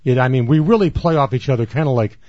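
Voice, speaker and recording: A man's voice: medium pitch, fast, dry recording, dull audio. A man co-hosting a podcast, rambling through stories and repeating himself as he acts out scenes. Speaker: podcast co-host. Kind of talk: casual banter and storytelling.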